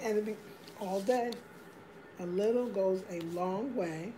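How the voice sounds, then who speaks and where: A woman's voice: medium pitch, a little slow, dark tone, slight background noise. A woman hosting a casual livestream from home, chatting upbeat and greeting viewers by name as she reads their comments. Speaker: livestream host.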